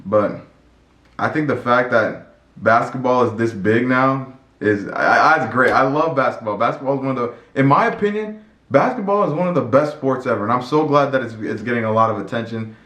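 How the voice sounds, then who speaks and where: A man vlogging in a casual, storytelling way, excitable and rambling, with many restarts and repeated words. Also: medium pitch, brisk. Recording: echoey room with faint music.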